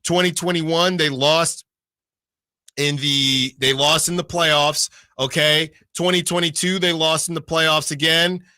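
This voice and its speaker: A man's voice: fairly high pitch, fairly even intonation, a little slow, bright, forceful tone, no echo, clean studio sound. A man hosting sports radio, reading out team records in casual talk and checking himself as he goes. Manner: reads out records, self-checking.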